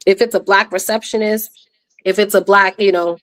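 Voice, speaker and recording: A woman speaking bluntly and candidly as a guest in a casual online panel discussion, with quick asides and restarts. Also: mid-range voice, fairly even intonation.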